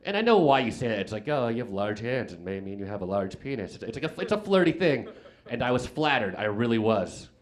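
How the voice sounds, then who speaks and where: A young man performs stand-up on a club stage, his voice sitting at an ordinary middle pitch. He rambles through self-deprecating stories, stumbling over restarts and leaning on "like" as he goes. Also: big pitch swings, fast. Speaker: stand-up comedian. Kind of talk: stand-up comedy set. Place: comedy club stage with live audience.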